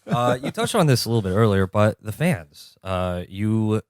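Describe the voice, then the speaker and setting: A man's voice: on the low side, very animated, moderate pace, dry recording, clean studio sound. A man hosting a casual podcast interview, asking questions in an ironic, teasing way. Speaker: podcast host.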